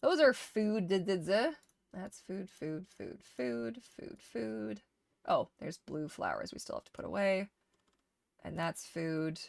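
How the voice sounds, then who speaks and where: A woman streamer casually chatting to herself while sorting items in a game, getting animated when something excites her. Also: medium pitch, takes it slowly, vocal fry, dry recording, clean studio sound. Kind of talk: casual gameplay chat.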